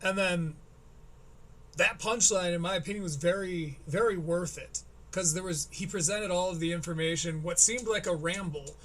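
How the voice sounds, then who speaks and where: A man's voice: sits high, moderate pace, a bit bright. A male streamer giving rambling, analytical commentary on a comedy special, often breaking off mid-sentence. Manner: rambling, analytical, self-interrupting. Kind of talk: casual commentary.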